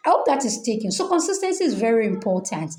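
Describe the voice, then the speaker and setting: A woman's voice: a little high, big pitch swings, quick pace, darkish tone. A middle-aged woman with a Nigerian accent, coaching parents on teaching reading, repeating key points and checking in with "okay?". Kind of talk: online training session. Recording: echoey room.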